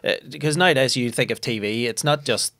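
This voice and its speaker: A man, co-hosting a casual podcast with relaxed, joking asides. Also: mid-range voice, fast talker. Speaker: podcast co-host.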